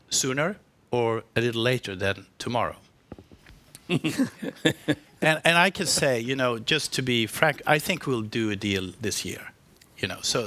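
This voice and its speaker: A man with a bright, forward voice at a middle pitch speaks as a company executive on an investor panel. He answers frankly, with frequent restarts, fillers and repeated words as he works through his points.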